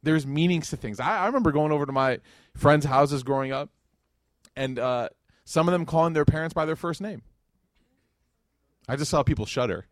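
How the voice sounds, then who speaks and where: A man's voice: a little fast, no room sound, studio quality. A young man giving a casual, storytelling religious lecture, acting out quotes in a lifted voice. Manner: conversational, storytelling, acts out quotes with rising pitch. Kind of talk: religious lecture to a live audience.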